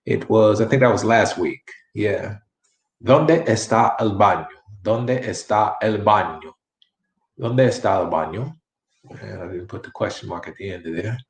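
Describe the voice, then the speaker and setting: Slow-spoken man teaching Spanish. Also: on the low side, creaky, roomy sound. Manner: slow, deliberate enunciation with many repetitions. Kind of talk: online language lesson.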